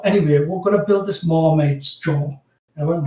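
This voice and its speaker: Speaking fairly quickly with fairly even intonation, this man has a fairly high, slightly mellow voice. A graphic designer from North East England with a strong Geordie accent, he rambles through a casual podcast chat as a guest, laughing a lot and saying "you know" often; the audio is roomy and distant from the mic.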